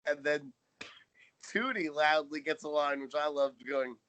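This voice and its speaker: A man's voice: a little high, steady tone, unhurried, fairly bright tone, poor audio. A man co-hosting a podcast, chatting casually and sarcastically about a sitcom episode, swearing now and then. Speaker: podcast co-host.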